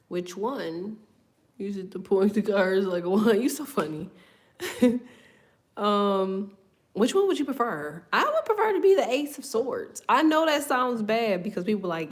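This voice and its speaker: A tarot reader gives a casual reading in a loose, profane style, swearing freely, laughing often and drifting into tangents. Her voice is medium-pitched and very animated, at a measured pace.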